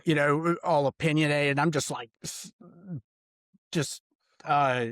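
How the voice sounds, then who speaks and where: Guy on a podcast talking slow, kinda high voice, swearing and poking fun at himself. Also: fairly even intonation, fairly bright tone, no echo, clean studio sound. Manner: self-mocking, profane. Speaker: podcast co-host. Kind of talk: casual podcast chat.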